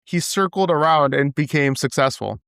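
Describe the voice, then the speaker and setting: A man co-hosting a podcast in casual chat, animated and quick to laugh. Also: on the high side, creaky, clean tone, dry recording, studio quality. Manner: animated, chatty, laughs easily. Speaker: podcast co-host.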